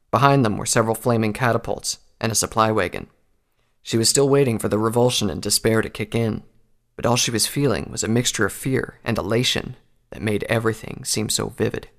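Man, narrator, steady storytelling, low voice, gravelly. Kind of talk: scripted narration of fan fiction.

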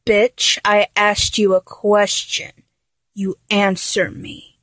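Young woman, dominant role-play voice, mocking and teasing, very unhurried delivery, dry close sound. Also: medium pitch, steady tone, a bit bright, dry recording. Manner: taunting and mocking, with frequent laughter; drops to a whisper at times.

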